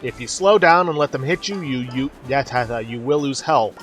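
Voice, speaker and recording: A man's voice: mid-range voice, animated, moderate pace, fairly bright tone, soft background music. Man giving casual game commentary. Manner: explains the game step by step as he plays. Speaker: let's play host.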